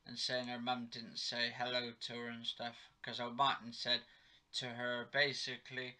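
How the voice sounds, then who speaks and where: A man's voice: mid-range voice, completely flat delivery, normal speed, bright, forceful tone. A man in his own home giving a rambling, chatty recap of a TV episode, correcting himself as he goes. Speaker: TV episode reviewer. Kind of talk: casual home recap vlog. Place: home living room.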